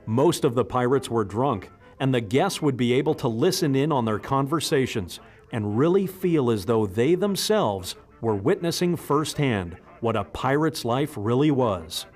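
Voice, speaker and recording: Guy doing documentary narration, steady voice, faint music behind. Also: mid-range voice, measured pace. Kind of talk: scripted narration.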